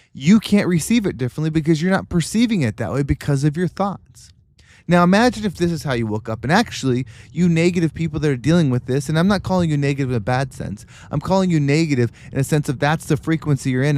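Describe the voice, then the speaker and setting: A man's voice: a little high, darkish tone. A man hosting a podcast, delivering an emphatic, repetitive motivational monologue. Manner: emphatic, repetitive pep-talk cadence. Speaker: podcast host.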